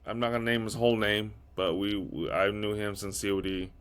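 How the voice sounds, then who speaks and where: A man's voice: fairly low pitch, fairly even intonation, fairly quick, a bit bright, clear, resonant tone. A man hosting a casual podcast, talking bluntly with lots of swearing and stammered restarts. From California. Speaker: podcast host.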